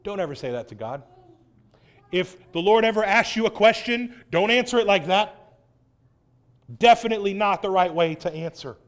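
Man, high-pitched, preaching a sermon, animated and wry. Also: moderate pace, pauses often. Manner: animated, wry, acts out quoted voices.

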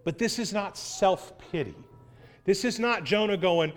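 High-voiced man preaching a lively sermon. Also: measured pace. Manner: animated, wry, acts out quoted voices.

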